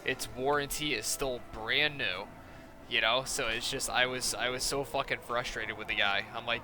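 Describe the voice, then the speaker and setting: A man's voice: mid-range voice, fairly even intonation, normal speed, noisy background. A man chatting casually while playing a game, ranting and swearing as he retells an argument. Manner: profane, ranting, quoting others in a mocking tone. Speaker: gaming streamer. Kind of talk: casual gameplay chat.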